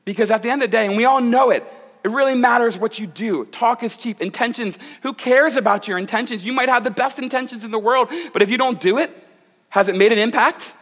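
A man with a high voice preaching to a congregation in a big sanctuary. He sounds lively and chatty and throws in jokes and asides. The hall gives his voice a long, ringing reverb. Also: fast talker. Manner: animated, jokey, conversational preaching with asides to the congregation. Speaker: pastor. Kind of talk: sermon.

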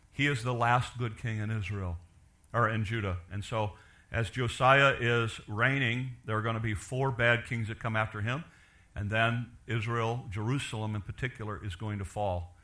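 A man's voice: mid-range voice, sharp tone. A man pastor delivering a sermon, explaining scripture in earnest, pleading tones. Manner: earnest, pleading preaching with rising emphasis.

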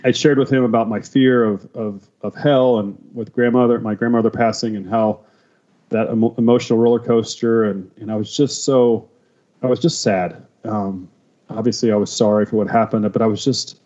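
A man tells his faith testimony as a podcast guest, stumbling and restarting as the emotion comes through. His voice is low and mellow. The recording sounds a little dull and muffled. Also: steady tone. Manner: emotional, halting, many restarts. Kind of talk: personal testimony.

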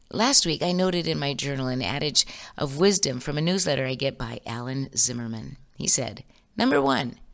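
Brief: reflective woman host, low and lively, gentle storytelling. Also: vocal fry. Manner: warm, storytelling, expressive. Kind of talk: scripted reflective talk.

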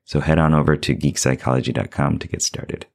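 A man's voice: very deep voice, steady tone, a little fast, gravelly. A man who works as a life coach, talking through a self-help podcast episode in an earnest, casual way with lots of fillers.

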